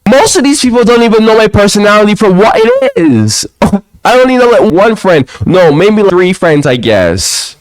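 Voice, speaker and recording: A young man ranting to camera in a casual monologue at home, often tacking a low "bro" onto his lines. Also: huge pitch swings, normal speed, no room sound, rough recording. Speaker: vlogger. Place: quiet home, alone.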